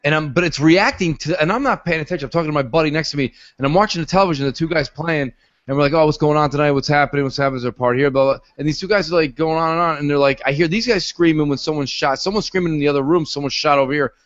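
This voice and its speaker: A man in his thirties chats on a podcast. He tells stories excitedly and acts out quotes loudly. The recording is dry and a little dull. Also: fairly high pitch, racing, no echo. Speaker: podcast panelist. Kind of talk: casual chat. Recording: dull lo-fi sound.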